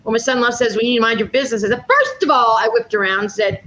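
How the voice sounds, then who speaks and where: A woman's voice: fairly high pitch, very fast, few pauses, pushed and bright, a little hiss or hum. Blunt, swearing woman in her fifties. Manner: blunt, profane storyteller. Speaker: panel speaker. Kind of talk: casual chat. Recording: dull lo-fi audio.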